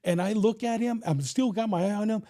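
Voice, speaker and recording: A middle-aged man tells a story in a relaxed guest chat with a somewhat high voice and a mellow, warm tone. He talks animatedly, acts out the lines of the people in it, and swears without a second thought. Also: brisk. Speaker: retired police officer, guest. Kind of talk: casual storytelling.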